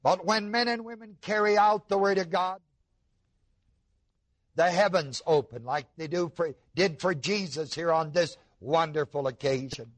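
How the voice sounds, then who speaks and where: A man preaching a sermon, slow and emphatic, asking his listeners rhetorical questions. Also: fairly high pitch, dry recording.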